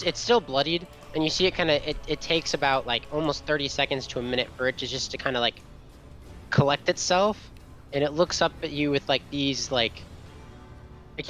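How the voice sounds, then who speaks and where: A man's voice: mid-range voice, a little fast, fairly bright tone, soft background music. A man narrating a tabletop game as game master, rambling with many fillers and restarts.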